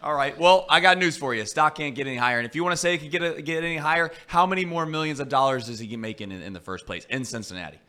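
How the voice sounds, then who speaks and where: A male sports talk host argues his case in a studio with a somewhat high voice. His tone is bright and forceful, and he builds his points through what-if questions. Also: very fast, few pauses. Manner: argumentative, poses hypotheticals.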